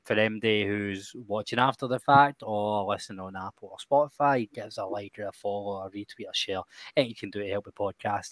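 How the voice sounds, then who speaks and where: Scottish man, podcast host, dry close sound, flat delivery, casual football chat. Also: on the low side, no room sound. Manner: animated, swears, frequent ums.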